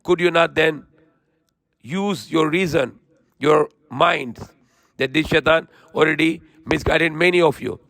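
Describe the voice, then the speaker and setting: A man's voice: fairly high pitch, sharp tone, no echo. A man preaching, reciting verses and then translating and explaining them earnestly. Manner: rapid, fluent recitation. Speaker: Islamic preacher. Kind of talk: verse-by-verse Quran commentary.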